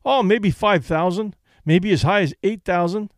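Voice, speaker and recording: A man's voice: high voice, normal speed, no echo, clean studio sound, voice pushed up. A man reading aloud and voicing a brash, cocky young boxer who talks in a breezy, mocking way.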